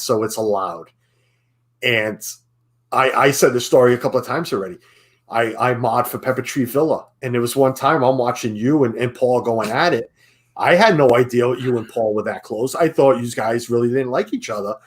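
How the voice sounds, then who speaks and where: A man hosting a casual live-stream chat, rambling with restarts and chuckling as he reads the chat. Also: mid-range voice. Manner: rambling, self-interrupting, chuckling. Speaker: stream host.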